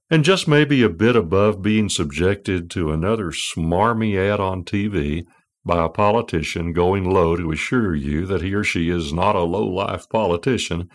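A middle-aged man hosting a devotional podcast, telling a story with wry, self-deprecating humor. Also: deep voice. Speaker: podcast host.

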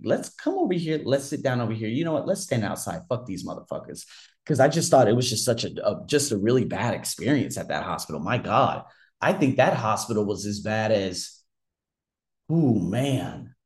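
A man in the middle of an angry, profanity-laced rant, telling his story straight to the listener. His voice sits at an average pitch. His sentences break off and restart as his frustration boils over. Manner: heated, profane ranting with frequent restarts. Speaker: vlogger telling a personal story. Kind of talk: casual unscripted monologue.

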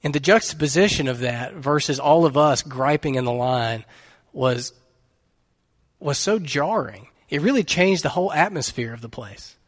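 A man's voice: fairly high pitch, lively intonation, moderate pace, in a large hall. A man preaching a sermon as pastor, telling a story in an earnest, conversational way.

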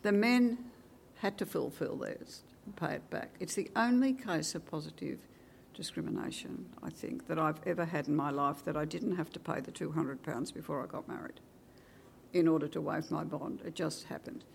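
Older Australian woman, gravelly storyteller. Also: deep voice, normal speed, slight background noise. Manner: lively storyteller, acting out dialogue with wry asides. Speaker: retired teacher. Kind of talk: oral history reminiscence.

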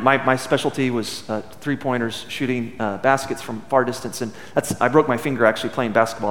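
A middle-aged man preaching a sermon with emphasis, dramatic pauses and swings between loud and hushed delivery. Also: on the high side. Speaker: pastor. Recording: echoey hall.

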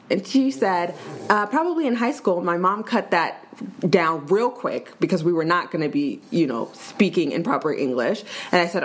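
A young woman in casual podcast chat, recounting a workplace story at an unhurried, thoughtful pace. Her pitch sits mid-range for a woman, and she pauses often, filling the gaps with soft ums. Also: a little hiss or hum. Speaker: podcast co-host.

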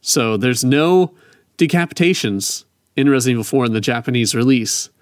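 A man's voice: medium pitch, lively intonation, normal speed, no room sound, clean studio sound. A man co-hosting a casual video game podcast, eagerly sharing trivia facts. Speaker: podcast co-host. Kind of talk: casual gaming chat.

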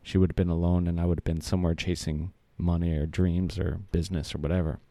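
A man's voice: low voice, little pitch movement, fast talker, mellow, dry recording. A man in his thirties telling a personal story in a casual, earnest way, rambling with many fillers and restarts.

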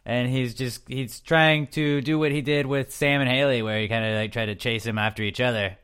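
A young man hosts a casual podcast recap. He wanders, jokes and fills gaps with "like" and "uh". His voice is smooth and clear at a middling pitch. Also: steady tone, brisk, a bit bright. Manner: rambling, loose, joking, full of fillers. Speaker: podcast host.

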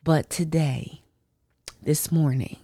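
A woman hosting a podcast and sharing a personal faith testimony in casual, colloquial speech, animated as she acts out her own reactions. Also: low-pitched, slow pace, dry recording, clean studio sound. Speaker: podcast host.

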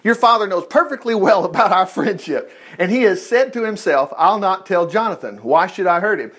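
A preacher reading desperate hunted young David. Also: male voice, high voice, lively intonation, fairly quick, a bit bright, breathy edge, heavily acted. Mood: urgent pleading.

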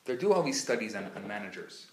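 A man teaching a live class, an animated, playful storyteller who acts out the dialogue. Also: lowish voice, fast, a little hiss or hum. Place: classroom at a community center. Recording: roomy live room sound.

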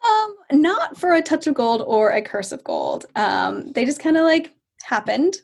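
A woman author chats as an interview guest. Her voice is high and airy, a little breathy. She talks casually and laughs a lot, acting out other people's lines with lively asides. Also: a little slow.

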